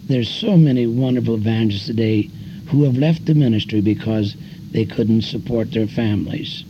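An older man preaching as an evangelist, telling folksy stories and pushing his voice sharply higher on emphasis. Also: normal speed, a little hiss or hum. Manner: folksy storytelling preacher, voice climbing high in emphasis. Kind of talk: sermon. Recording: dull lo-fi recording with faint music.

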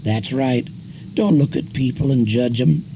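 An older man preaching as an evangelist, telling folksy stories and pushing his voice sharply higher on emphasis. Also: a little slow, creaky, noisy background. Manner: folksy storytelling preacher, voice climbing high in emphasis. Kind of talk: sermon. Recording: dull lo-fi recording with faint music.

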